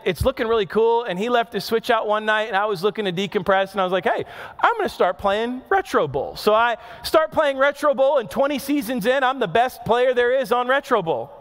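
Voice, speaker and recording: High-voiced pastor in a reverberant hall. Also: male voice, animated, brisk. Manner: chatty storytelling with audience asides, rising to emphatic repeated questions. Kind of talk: sermon. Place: church auditorium. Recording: long reverb of a large hall.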